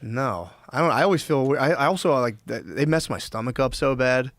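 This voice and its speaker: 嗓音沙哑带气泡音的随性男嘉宾. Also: male voice, medium pitch, animated, a little fast, fairly bright tone, no echo. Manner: laid-back, slangy, says "dude" a lot. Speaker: podcast guest. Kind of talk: casual podcast conversation. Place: podcast studio. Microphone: close studio mic.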